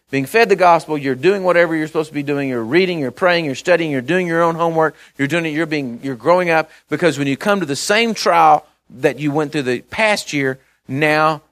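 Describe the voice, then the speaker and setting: High-pitched guy preaching, reads scripture, earnest, keeps asking the crowd if they're with him. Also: a bit bright. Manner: earnest, checks in with the congregation; stumbles and restarts, speaks in short bursts. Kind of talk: conversational sermon with scripture reading.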